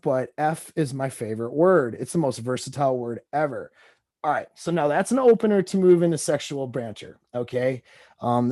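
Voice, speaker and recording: A man's voice: mid-range voice, a little mellow, no echo, studio quality. A man coaching on dating, talking loosely and rambling as he reads out text messages and comments on them.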